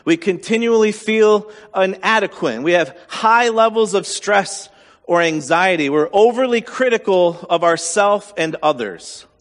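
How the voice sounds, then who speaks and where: A man's voice: high-pitched, lively intonation, unhurried, big-room sound. A man preaching a sermon as pastor, candid and self-deprecating in a conversational way.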